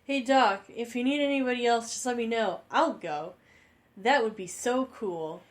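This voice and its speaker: A man's voice: very high-pitched, normal speed, pitched above the performer's own voice. A man doing an eager schoolboy.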